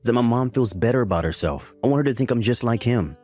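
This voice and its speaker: A man's voice: medium pitch, lively intonation, fast talker, dark tone, soft background music, lightly acted. A man voicing a defensive husband who pretends to be a success, pleading and making excuses, in a text-story dramatization.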